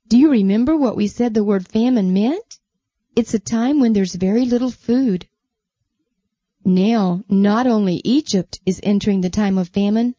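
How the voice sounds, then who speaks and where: A woman telling a Bible story to children, gently asking them questions along the way. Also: fairly high pitch, no room sound, highs cut off.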